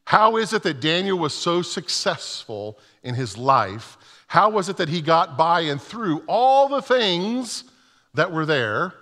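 A pastor delivering a sermon, warming up with humorous, self-deprecating stories. His voice sits high and sounds bright and forceful. Long reverb from a large church hall hangs behind every phrase. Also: very animated, slow.

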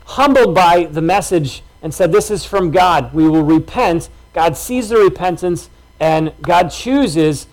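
Male pastor, high voice, relaxed conversational sermon delivery with acted-out asides. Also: rough recording. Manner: conversational, animated, acts out reactions.

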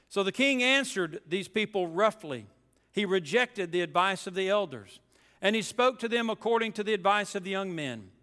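High, bright-voiced preacher in a hall. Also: male voice, moderate pace, clear, resonant tone. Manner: reads scripture aloud then preaches with emphatic asides. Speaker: pastor. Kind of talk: sermon.

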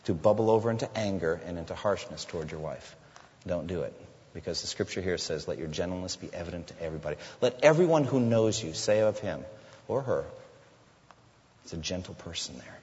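Low-voiced male preacher in a reverberant hall. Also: expressive, normal speed, darkish tone. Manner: earnest preaching, voicing quoted figures with rising pitch. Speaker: pastor. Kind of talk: sermon. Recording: lo-fi sound with long hall reverb.

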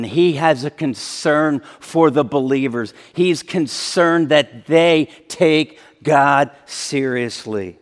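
A man preaching a sermon as pastor, deliberate and building to emphatic intensity. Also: medium pitch, in a large hall.

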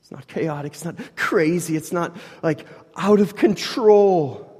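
A man's voice: fairly high pitch, unhurried, slightly rough. Pastor, man, 30s, chatty sermon delivery that drops to near-whispers and rises again, long hall reverb. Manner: conversational, swings from hushed to loud, many "like" fillers.

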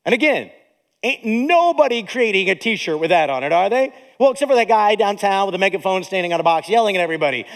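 A man preaching a sermon as a pastor, animated, with dramatic pauses. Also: high voice, in a large hall.

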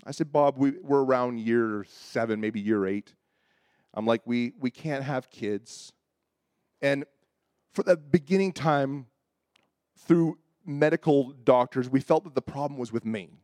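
A man's voice: medium pitch, unhurried, no echo, clean studio sound. A man preaching a sermon, telling a personal story with acted-out dialogue and building to emphatic points. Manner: animated storyteller, acts out quoted voices, rising to emphatic preaching. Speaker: pastor.

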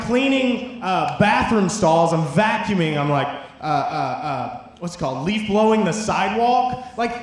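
A young man preaching a casual youth sermon, telling a story with jokes and lots of "like". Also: high-pitched. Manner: animated storytelling, jokey asides, lots of "like". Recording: very echoey room.

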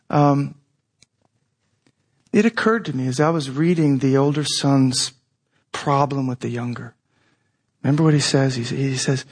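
A man preaching a sermon as pastor, conversational and animated, often asking rhetorical questions. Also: a little high, husky.

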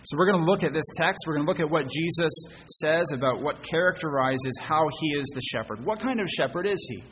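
A man's voice: fairly high pitch, animated, fairly quick, fairly bright tone, long reverb tail, slight background noise, poor audio. A man preaching a sermon as pastor. He speaks earnestly, poses rhetorical questions and often repeats words as he rephrases. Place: church sanctuary.

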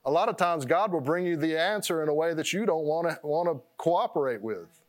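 A male pastor delivers a loose, rambling sermon with a voice pitched a little high. He restarts his phrases, doubles his words and laughs at his own digressions. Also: expressive, brisk.

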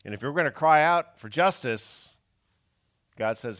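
A male pastor delivering a sermon. His voice rises and falls in a lively way as he reads scripture and dramatizes its cries for justice. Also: mid-range voice, measured pace. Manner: expressive preaching, acting out pleading questions.

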